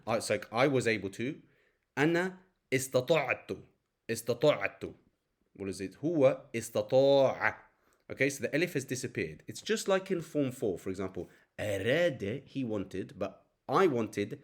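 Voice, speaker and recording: A man teaching a grammar lesson, breaking example sentences down word by word with the occasional filler. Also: fairly low pitch. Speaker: Arabic teacher.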